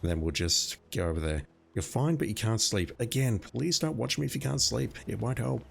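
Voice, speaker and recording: A gravelly, medium-pitched male voice with lively intonation and a normal pace comes through a little hiss or hum. The Australian streamer chats casually as he plays, poking fun at himself and calling out viewers by name.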